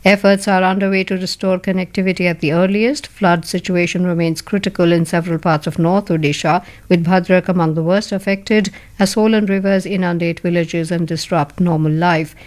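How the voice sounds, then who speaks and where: A woman newsreader, reading a news bulletin in a formal, measured way. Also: fairly low pitch, steady tone, a little mellow.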